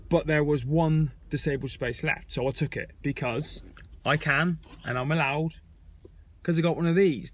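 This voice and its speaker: In an airport terminal, a young adult man vlogs a frank, conversational rant, telling his viewers a story in casual spoken style. His voice is on the high side, with slight background noise.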